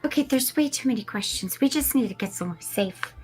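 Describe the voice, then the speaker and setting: A woman player at a tabletop game speaking briskly and practically. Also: a little high, expressive, darkish tone, soft background music. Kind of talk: casual chat at the game table.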